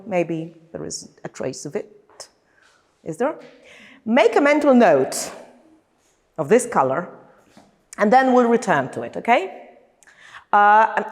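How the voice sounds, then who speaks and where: A Polish-accented woman, a lecturer leading a workshop, speaking hesitantly with many fillers and restarts in a large hall. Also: medium pitch. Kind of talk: workshop instruction. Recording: long hall reverb.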